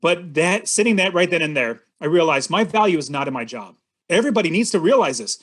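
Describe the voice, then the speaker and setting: A man in his forties with a somewhat high voice tells a personal story as a podcast guest. He builds suspense step by step and speaks earnestly, turning to the host now and then. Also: expressive, fast, a bit bright. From California, US. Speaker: podcast guest, real estate investor.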